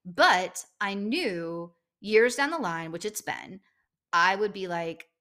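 A middle-aged woman co-hosting a podcast, telling a story in a casual chat and acting out the quotes with big jumps in pitch. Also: lively intonation, takes it slowly, pushed and bright. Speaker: podcast co-host.

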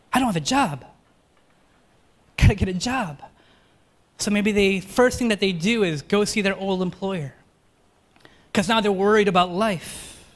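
A man preaching a sermon, earnest and rhetorical, moving between quick runs and slow, emphatic phrases. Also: high-pitched, a bit bright.

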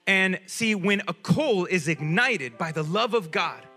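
Animated high-voiced male preacher. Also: measured pace, faint music behind. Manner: animated preaching, asks the audience questions; casual speech. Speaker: pastor. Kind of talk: sermon.

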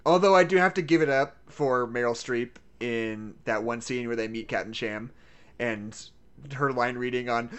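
A woman co-hosting a casual movie chat, animated, laughing often and swearing freely. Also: extremely low pitch, normal speed, clean tone. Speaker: podcast co-host.

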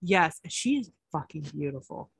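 A woman podcast co-host in casual chat, talking fast with swearing and animated asides. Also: deep voice, creaky, breathy edge, dry recording. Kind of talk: casual chat about reality TV.

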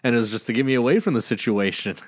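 A man co-hosting a casual Bible study chat, a lively storyteller who laughs easily. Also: medium pitch, very fast, no room sound, studio quality. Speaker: co-host discussing scripture.

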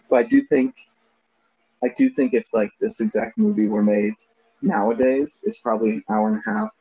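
Male podcast co-host, casual film chat, lively laughing delivery, mellow husky tone, lo-fi sound. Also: medium pitch. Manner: laughs often, animated, quotes lines from the film. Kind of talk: casual movie discussion. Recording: dull lo-fi sound.

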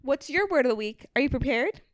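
A woman's voice: sits high, expressive, fast, no echo, studio quality. A young woman co-hosting a casual podcast, teasing and bossy, swearing casually. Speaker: podcast co-host. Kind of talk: casual chat.

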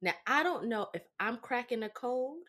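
A young adult woman co-hosting a podcast, telling stories in a lively, profane, casual way and often asking "right?". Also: on the high side, normal speed. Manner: animated, profane storytelling with lots of "right?". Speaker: podcast co-host. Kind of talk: casual chat.

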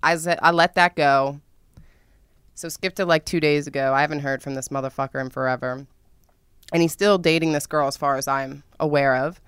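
A young woman telling a dramatic, profane story in a casual vlog, with sudden loud outbursts. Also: low voice, steady tone, fairly quick, clean tone, no echo, clean studio sound. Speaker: vlogger.

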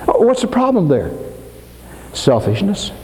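An older man preaching a dramatic sermon in a church, swinging between soaring emphasis and low asides. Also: huge pitch swings, slow pace, a little mellow, slight background noise. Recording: long hall reverb.

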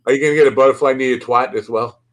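A man's voice: mid-range voice, steady tone, very fast, a bit bright, a little hiss or hum. A man hosting a podcast, chatting casually in a rambling, crude, joking way. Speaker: podcast host. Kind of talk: casual chat.

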